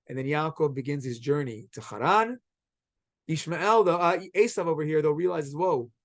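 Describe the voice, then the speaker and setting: A man teaching a Torah class, telling the story with animated acted-out quotes. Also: fairly high pitch, no room sound. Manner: animated, quotes characters in quick acted voices.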